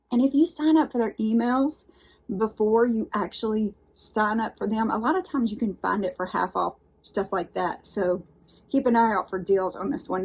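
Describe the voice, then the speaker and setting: A woman with a Southern accent hosting an unboxing vlog, talking to her viewers in a chatty, folksy, rambling way. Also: a little high. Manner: rambling, folksy, talks straight to viewers with "y'all". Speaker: unboxing channel host.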